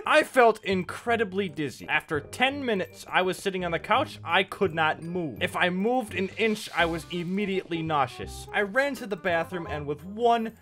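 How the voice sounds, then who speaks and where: A man's voice: high voice, expressive, moderate pace, fairly bright tone. A young man telling comic stories while playing a game, often laughing at his own punchlines. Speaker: gaming YouTuber. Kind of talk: comedic storytelling over gameplay. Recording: light background music.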